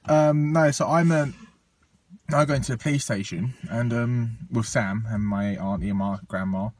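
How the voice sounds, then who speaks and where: A young man recounts a wild story in casual chat, acting out what everyone said and cursing as he goes. His voice is slightly husky, and the sound is dry and close. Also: medium pitch, normal speed, no room sound. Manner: animated anecdote, acts out quotes, swears freely.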